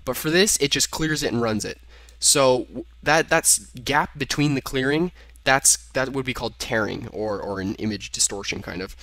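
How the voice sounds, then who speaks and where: A man's voice: medium pitch, moderate pace, hardly any pauses, fairly bright tone, no room sound. A young man casually talking through code in a programming tutorial, thinking aloud and correcting himself as he types. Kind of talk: screen-recorded coding tutorial. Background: keyboard typing.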